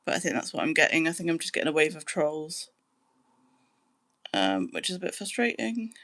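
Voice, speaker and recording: A young British woman hosting a live stream, chatting casually with viewers and humming to fill the pauses. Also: sits low, sing-song, fairly bright tone. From Britain. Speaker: livestream host.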